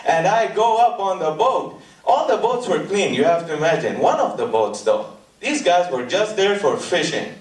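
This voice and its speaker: A male stand-up comedian telling a story in a lively way, laughing at his own jokes and dropping into mimicked voices. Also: high voice, normal speed. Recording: echoey stage audio from a distant mic.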